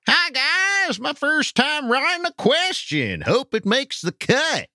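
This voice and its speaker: A chirpy, sing-song young woman reads a fan letter slowly and eagerly, as a man puts her on in a high voice. The voice stays bright and bouncy, recorded close and dry on a studio mic. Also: huge pitch swings, dry recording, full character voice. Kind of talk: reading a listener question in a put-on voice.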